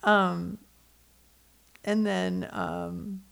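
A woman's voice: fairly low pitch, big pitch swings, very slow, creaky. A woman co-hosting a podcast, recapping a show in casual chat with a giggly, rambling way of telling stories. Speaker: podcast co-host.

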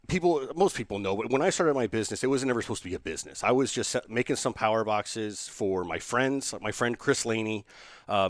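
A man, a business owner telling a lively story in an interview, restarting sentences and acting out the people he quotes. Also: fairly low pitch, no echo, clean studio sound.

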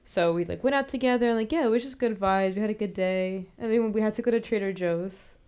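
Young female co-host, easygoing and slangy, smooth resonant tone. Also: medium pitch, fast, darkish tone. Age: young adult. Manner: laid-back, slangy. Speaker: podcast co-host. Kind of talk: casual chat.

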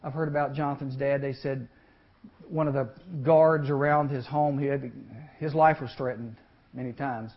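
At medium pitch and a moderate pace, a man preaches a sermon to young people, folksy and animated, frequently asking the audience questions and acting out the story's characters in their voices. He's a youth speaker, heard on a muffled lo-fi recording.

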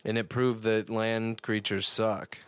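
Low smooth-voiced young man recapping. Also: little pitch movement, slow, no room sound. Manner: rambling play-by-play with fillers and swearing. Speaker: podcast co-host. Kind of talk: casual episode recap chat.

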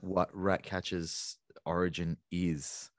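Male podcast co-host, deep voice, enthusiastic rambler, dry close sound. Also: level tone, takes it slowly, no room sound. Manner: rambling, enthusiastic, swears casually. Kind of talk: casual film discussion.

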